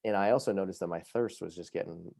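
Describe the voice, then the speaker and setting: A man tells his personal story as a guest on a podcast, rushing through it with plenty of fillers. His voice sits very low and has a gravelly fry. The sound is mellow and dark, with no room echo. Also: studio quality. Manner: fast, lively, full of fillers like "you know" and "like".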